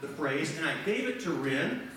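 Talking straight to his flock and calling people by name, a pastor throws out rhetorical questions with real animation. His somewhat high voice moves at a moderate pace, captured by a far-off mic in a reverberant church with faint hiss or hum.

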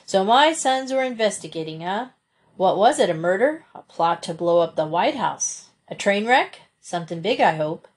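A woman's voice: mid-range voice, sing-song, normal speed, lightly acted. A woman reading aloud as a middle-aged male detective father who speaks in teasing, amiable banter.

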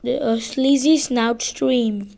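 A woman reading a children's chapter book aloud, slow and deliberate, sometimes correcting and rereading lines. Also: a little high, vocal fry, mellow. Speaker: audiobook reader.

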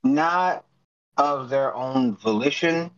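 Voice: medium pitch, takes it slowly. Argumentative player on a dull, lo-fi recording. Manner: argumentative, laughing, insistent. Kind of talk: casual game table chat.

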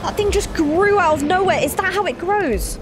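Excitable sweary woman streamer. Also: very high voice, moderate pace, music in the background. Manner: excitable, sweary, chatty with chat. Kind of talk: horror game commentary.

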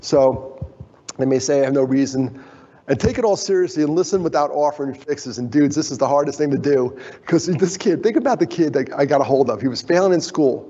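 A husky man with a gravelly edge tells stories to a conference audience and animatedly acts out the people he quotes. His voice carries a long hall reverb, and the recording sounds muffled and dull. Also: fairly high pitch, a little fast, warm tone. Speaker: conference speaker. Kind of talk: storytelling conference talk.

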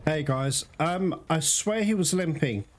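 A let's play host with a voice on the high side comments on gameplay at an unhurried pace, with game music in the background. He gets worked up easily, swears freely, and keeps addressing his viewers as guys.

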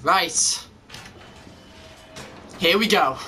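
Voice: mid-range voice, very slow, pushed and bright, distant mic, slight background noise. A gamer giving let's-play commentary during a horror game, talking to themself and to viewers and swearing when startled.

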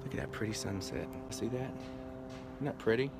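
A man, chatting in a sassy, animated vlog while walking his dog outdoors on a handheld phone. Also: lowish voice, brisk, vocal fry, noisy background. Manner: animated, sassy, playful running commentary. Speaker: vlogger. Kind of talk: casual vlog chat.

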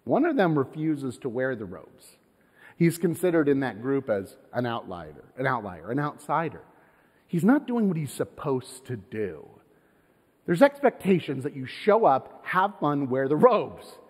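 A pastor preaching a sermon in a lively, conversational way, posing rhetorical questions to his congregation. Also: medium pitch, measured pace, breathy edge, in a large hall. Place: church sanctuary.

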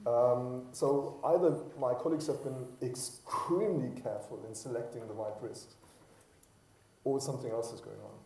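A man's voice: mid-range voice, normal speed, gravelly, background noise. A man speaking as an executive on a conference panel, chatty and self-deprecating, with many fillers and restarts. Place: conference hall. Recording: roomy panel hall from far off.

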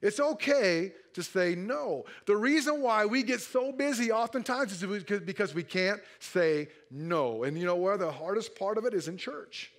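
A man's voice: high-pitched, lively intonation, moderate pace, hardly any pauses. A pastor preaching a sermon to his congregation in church, joking and laughing as he goes and acting out quoted speech in other voices. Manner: joking and playful, often laughing.

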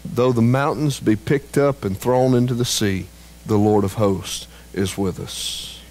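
A man preaching a sermon as pastor, slow and emphatic, climbing higher and louder at peaks and dropping low and quiet on key phrases. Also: fairly even intonation, low-quality recording.

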